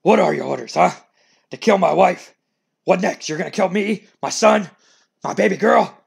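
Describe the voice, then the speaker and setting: Angry yelling wrestling boss put on by a guy, high and gravelly. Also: measured pace, heavily acted. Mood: furious. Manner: shouting, outraged, higher-pitched delivery. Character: furious grieving male wrestling company boss.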